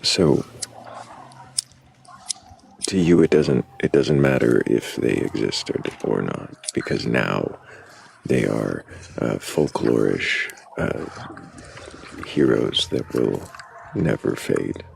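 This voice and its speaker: A man's voice: rumbling low, lively intonation, slow, gravelly, pauses often, slight background noise. A man hosting a live stream, asking callers direct, probing questions. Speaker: livestream host. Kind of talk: casual livestream talk and interviewing.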